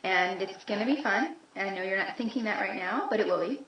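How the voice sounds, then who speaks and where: A woman's voice: medium pitch, brisk, fairly bright tone, a little hiss or hum. A woman teacher giving a recorded lesson, telling a joke and explaining with playful emphasis.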